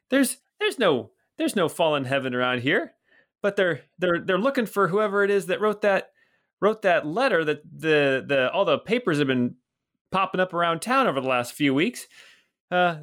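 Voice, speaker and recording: A man's voice: on the high side, fairly bright tone, voice pushed up. A man voicing a gossipy, rambling city guard in his fifties who is nearing retirement, for a tabletop game. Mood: chatty. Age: 50s. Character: chatty rotund older male city guard.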